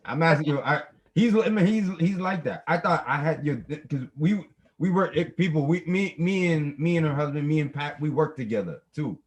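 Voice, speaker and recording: A man's voice: on the high side, moderate pace, poor audio. A young man co-hosting a podcast in casual chat, rambling with many restarts. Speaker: podcast co-host.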